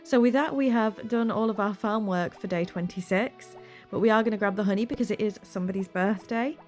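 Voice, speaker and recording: A woman's voice: mid-range voice, brisk, darkish tone, soft background music. A woman hosting a game playthrough, chatting casually, often laughing and close to tears. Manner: chatty, giggly, flustered. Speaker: gaming channel host.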